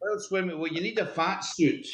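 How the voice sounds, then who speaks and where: A man's voice: sits high, moderate pace, a bit bright, slightly rough. A Scottish man chatting on a video call as a guest, hesitant with many ums and restarts. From Scotland. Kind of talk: casual video call chat.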